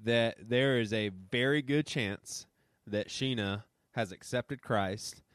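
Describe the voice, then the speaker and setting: A man's voice: mid-range voice, slow pace, a bit bright, clean tone, no echo, studio quality. A man hosting a podcast, speaking in an earnest, heartfelt way. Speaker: podcast host. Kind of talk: casual podcast conversation.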